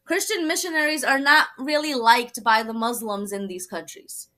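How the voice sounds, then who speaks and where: A young woman from Brooklyn, telling her conversion story as a guest, animated and laughing often. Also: on the high side, moderate pace. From Brooklyn, New York. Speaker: guest sharing testimony. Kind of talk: personal testimony in a talk show.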